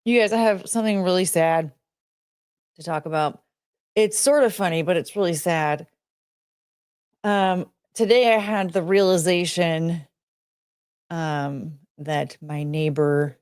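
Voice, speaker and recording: A woman streamer in casual chat, greeting viewers by name and rambling with giggles, fillers and restarts, jumping between high excited greetings and low mumbled asides. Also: clear, resonant tone, dry recording, clean studio sound. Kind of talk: casual chat reading out chat names.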